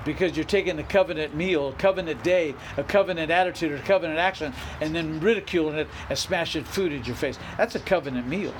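A man's voice: fairly high pitch, fast, hardly any pauses, slight background noise, low-quality recording. A middle-aged male pastor preaching a sermon, emphatic, repeating phrases and rising into bursts of exhortation.

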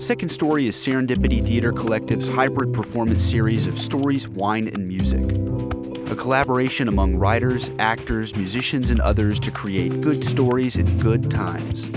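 A man hosting a podcast reads his scripted intro in a measured, deliberate way. His voice sits at a middle pitch. Loud guitar music plays under him the whole time. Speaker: podcast host.

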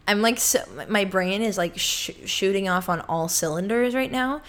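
A woman's voice: medium pitch, a little slow. A young woman in her twenties hosting a casual solo podcast from her apartment, rambling and chatty, often cutting herself off. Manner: rambling, chatty, self-interrupting with many likes. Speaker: podcast host. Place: apartment room.

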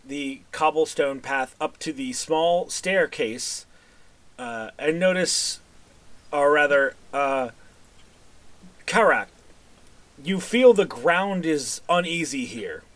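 A man's voice: fairly high pitch, lively intonation, takes it slowly, pauses often. A man narrating as game master for a tabletop game, rambling with fillers and self-corrections.

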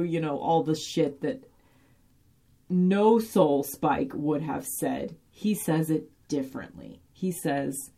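Woman, low and warm tone, casual episode-recap chatter, animated and loose. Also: slow pace. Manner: chatty and animated, heavy fillers and occasional swearing. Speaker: podcast host recapping a TV episode. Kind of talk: casual chat.

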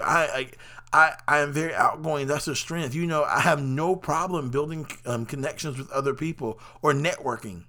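Hosting his show, a man talks on and on in a rambling personal monologue packed with fillers. His mid-range voice sounds pushed and bright.

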